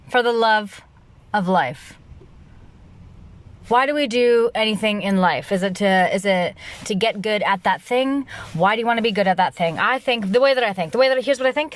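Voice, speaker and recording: A young adult woman hosting her own podcast in a loud, rambling solo monologue, restarting sentences often and laughing at herself. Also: mid-range voice. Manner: loud, animated delivery. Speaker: podcast host.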